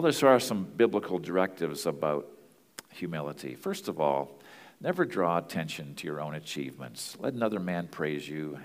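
A man's voice: low voice, big-room sound. A man teaching as a pastor and marriage counselor, earnest and plain-spoken in a conversational way.

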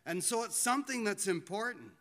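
Man, sermon, high bright voice, earnest and pleading, long church reverb. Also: expressive. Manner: earnest, pleading, slows for emphasis. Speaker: preacher. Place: church hall.

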